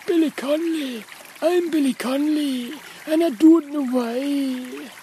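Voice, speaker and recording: A speaker doing a loud, slow, sing-song impression of a Scottish comedian while walking outdoors in the woods. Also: high-pitched, a little hiss or hum, poor audio. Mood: playful. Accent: put-on Scottish.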